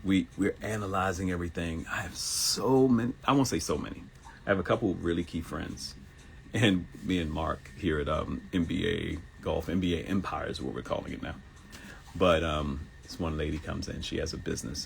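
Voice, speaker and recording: A man in his thirties hosting a live motivational talk show, animated and laughing, who mimics people in high voices. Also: fairly quick, creaky, a little hiss or hum. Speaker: host.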